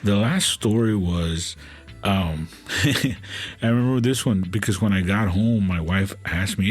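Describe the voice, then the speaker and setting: A man hosting a podcast, telling stories in a casual and halting way with many fillers and restarts. His voice sometimes turns soft and emotional. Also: on the low side, slightly rough, faint music behind. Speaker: podcast host. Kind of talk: casual storytelling.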